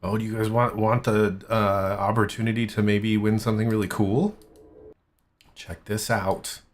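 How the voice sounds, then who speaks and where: A man hosting a stream, chatting casually and rambling in a relaxed, giggly way as he reacts to clips. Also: on the low side, moderate pace, a little hiss or hum. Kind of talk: casual live-stream chat.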